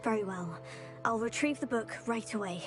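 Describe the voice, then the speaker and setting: A woman's voice: fairly high pitch, moderate pace, lightly acted. An actress voicing a polite, earnest young female student in a video game. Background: game music.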